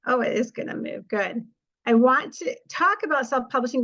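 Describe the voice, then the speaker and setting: A woman's voice: fairly high pitch, a bit bright, highs cut off. A middle-aged woman giving a presentation as an author, telling stories in a chatty way and acting out what people said. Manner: chatty storytelling, acts out quoted lines. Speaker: author and speaker. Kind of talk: presentation with slides.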